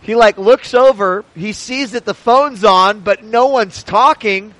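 A man hosting a casual gaming podcast, telling stories in a profane, animated way. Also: sits high, a little slow, no room sound. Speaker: podcast host.

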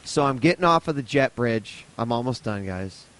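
A man's voice: mid-range voice, animated, normal speed, fairly bright tone. A man, telling a rambling, profane travel story on a casual podcast. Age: 30s.

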